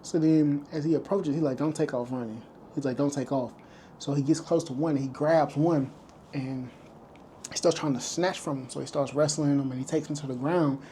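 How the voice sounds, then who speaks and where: Guy vlogging, casual storytelling, kinda higher voice, acts out the quotes. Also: steady tone, moderate pace, warm tone, a little hiss or hum. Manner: retells events loosely, acting out quoted lines.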